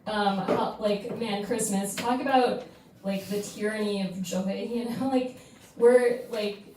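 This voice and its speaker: A woman's voice: medium pitch, fairly even intonation, slow, dark tone, a little hiss or hum. Hesitant woman comic in an echoey club. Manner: hesitant, filler-heavy, giggly. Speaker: comedian debater. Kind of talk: stand-up debate. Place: comedy club stage. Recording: echoey room, far from mic.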